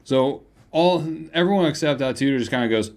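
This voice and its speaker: A young man acting as game master, talking briskly about the rules and cracking jokes. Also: mid-range voice, lively intonation, darkish tone. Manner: brisk, rules-focused, joking. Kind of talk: running a tabletop game.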